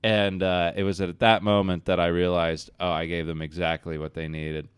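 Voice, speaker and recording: A man's voice: low voice, flat delivery, moderate pace, clean tone, dry recording. A young man co-hosting a comedy podcast, telling a profane, self-mocking story. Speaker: podcast co-host.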